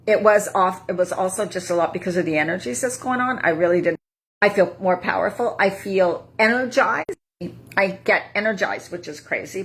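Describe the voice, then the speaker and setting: A woman's voice: medium pitch, a bit bright. A woman in her fifties speaking as a life coach, sharing a personal reflection in a candid, conversational way. She repeats phrases and acts out her own inner voice. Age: 50s. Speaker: life coach for women over 50.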